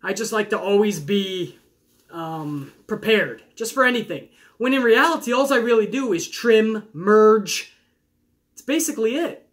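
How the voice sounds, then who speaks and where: Young male podcast host, high and bright voice, casual and excitable. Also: unhurried. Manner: chatty and enthusiastic, reads questions aloud then riffs. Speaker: podcast host answering viewer questions. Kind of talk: casual chat.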